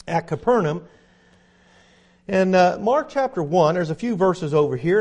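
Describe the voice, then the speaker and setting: A middle-aged man teaching a Bible lesson in sermon style, emphatic, with sudden loud bursts for stress. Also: on the high side.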